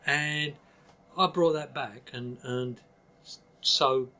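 Here the same older Cockney guest from East London takes it slowly, his mid-range voice steady yet pushed and bright. He gives a candid interview, blunt and emphatic, often starting sentences over.

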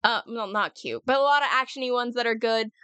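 A woman with a high, bright voice co-hosts a casual podcast. She talks excitedly and swears freely. The sound is dry and close. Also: a little fast, smooth, dry recording. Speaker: podcast co-host. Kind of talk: casual chat.

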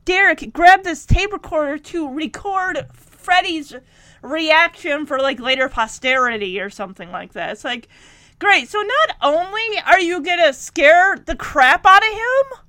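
A woman's voice: very high-pitched, expressive, a little slow, bright, forceful tone, no room sound. A woman chatting through a recap of a TV episode, laughing often and making teasing asides. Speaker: show recap host. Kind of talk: casual recap commentary.

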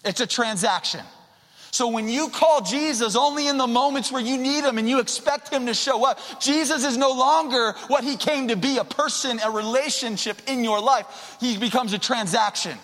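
A man preaching a sermon into a handheld mic, conversational and swinging from quiet to loud. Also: very high voice, normal speed. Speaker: pastor. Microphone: handheld microphone. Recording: long hall reverb.

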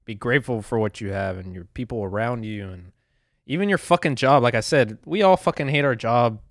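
A man's voice: mid-range voice, fairly quick, no room sound, studio quality. Profane, rambling young man on a podcast. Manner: profane, rambling, laughs at himself. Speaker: podcast host. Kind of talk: solo casual podcast rant.

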